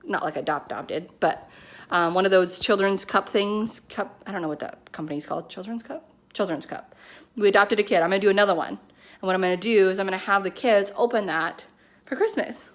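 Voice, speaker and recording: A woman at home, talking to her business team in a casual motivational pep talk, excited and chatty, filling her speech with "like" and "you know.". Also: medium pitch, fairly quick. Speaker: network marketing team leader. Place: at home with her kids nearby.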